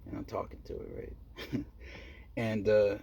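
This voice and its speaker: A man telling a personal story in a casual monologue, profane and animated, laughing at himself. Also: fairly low pitch, slow pace, vocal fry, slight background noise. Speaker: storyteller vlogger.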